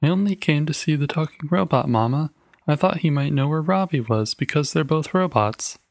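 A man's voice: fairly even intonation, normal speed, a little mellow, no room sound, natural voice. A man voicing a small, eager girl who speaks politely and pleads. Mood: earnest. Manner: polite, repetitive, higher pitched.

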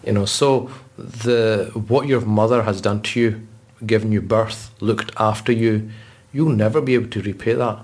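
A man's voice: fairly low pitch, steady tone, normal speed, darkish tone, slightly rough. A man, a religious scholar, talking earnestly in a podcast conversation, telling stories with frequent restarts. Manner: earnest, storytelling, with repeated restarts.

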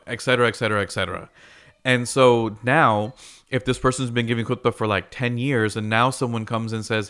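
A man's voice: medium pitch, fairly even intonation, moderate pace, pushed and bright, smooth. A man hosting a podcast, talking through ideas in a conversational, storytelling way with frequent restarts. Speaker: podcast host. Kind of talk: explanatory podcast monologue.

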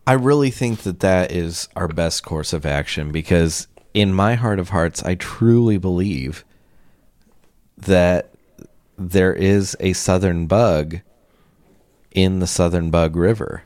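A man co-hosting a comedy podcast, joking in a dry, deadpan way. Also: sits low, takes it slowly, no echo. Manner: deadpan, dry jokey delivery. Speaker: podcast co-host. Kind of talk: casual comedic chat.

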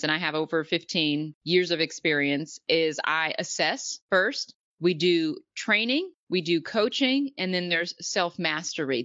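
Bright-voiced woman coach, dry dull sound. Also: lowish voice, dry recording. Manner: earnest, explanatory, self-deprecating. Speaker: leadership coach and author. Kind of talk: interview guest.

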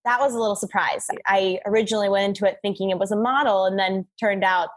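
A woman's voice: mid-range voice, fairly even intonation, fast talker. A young woman tells stories as a podcast guest. She talks in a bubbly, goofy way and laughs often. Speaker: podcast guest, app founder. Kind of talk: casual interview storytelling.

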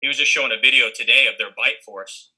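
A man's voice: mid-range voice, quick pace, sharp tone, slightly rough, low-quality recording. A man casually telling a long story with lots of fillers and restarts. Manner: rambling, many fillers.

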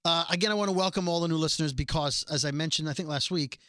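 A male podcast host tells long, winding stories and corrects himself as he goes. His voice is bright and fairly high, and it sounds close and dry. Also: fast, no room sound. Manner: rambling, self-correcting storyteller. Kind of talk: casual chat.

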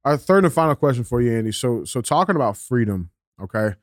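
A man's voice: medium pitch, animated, fast, dry recording, studio quality. A man hosting a podcast, giving short agreeing replies and asking questions. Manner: agreeable, brief backing replies. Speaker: podcast host. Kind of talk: casual podcast chat.

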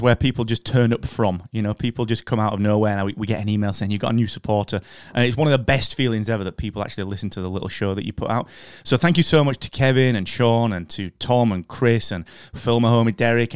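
The voice of a man hosting a podcast in a relaxed, jokey way, full of upbeat asides. His pitch sits mid-range, and the sound is dry and close-miked. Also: smooth, no echo. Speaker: podcast host. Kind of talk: casual podcast chat.

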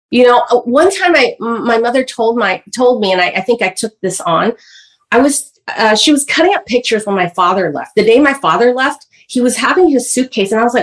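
Animated, slightly high-voiced woman in her 50s. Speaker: podcast guest. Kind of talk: candid personal storytelling.

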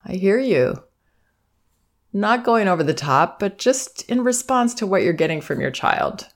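A woman parenting educator giving calm, reflective advice in a monologue, sometimes acting out soothing phrases meant for a child. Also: mid-range voice, normal speed. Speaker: parenting educator and podcast host.

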